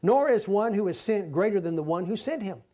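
A man reading out a solemn male teacher's words from scripture in a slow, grave manner. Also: high voice, expressive, mellow.

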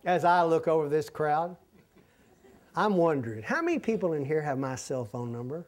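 Pastor, male, higher-pitched, folksy humorous sermon with big swings in loudness. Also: lively intonation, moderate pace. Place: church sanctuary.

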